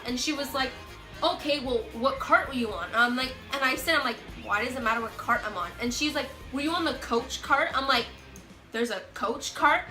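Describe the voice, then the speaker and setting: A young woman telling a storytime vlog in an animated, excitable, self-mocking way. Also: high voice, a little fast, echoey room, faint music behind. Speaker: vlogger.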